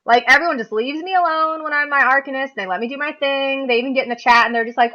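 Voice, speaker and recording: A woman's voice: high voice, a little fast, bright, forceful tone. A woman co-hosting a casual podcast, talking animatedly and laughing as she acts out what other players say. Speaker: podcast co-host. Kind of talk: casual chat. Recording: dull lo-fi podcast recording.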